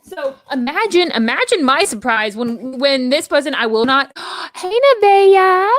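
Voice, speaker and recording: A woman co-hosting a casual talk show, telling stories in a rambling, animated way full of restarts. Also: high-pitched, moderate pace, no room sound, clean studio sound. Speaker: podcast co-host. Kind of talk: casual chat.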